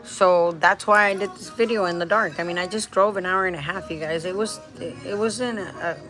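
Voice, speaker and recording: A woman's voice: on the low side, a little fast, fairly bright tone, faint music behind. A woman vlogger talking casually and rambling, with frequent restarts, laughing often and dropping in Spanish phrases, in a restaurant. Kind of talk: casual vlog chat.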